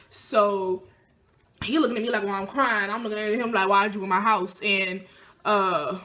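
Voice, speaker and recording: A woman's voice: medium pitch, normal speed. A young woman telling a personal story in casual speech, acting out what people said in a raised voice. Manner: animated, acts out quoted lines in a raised voice. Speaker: vlogger.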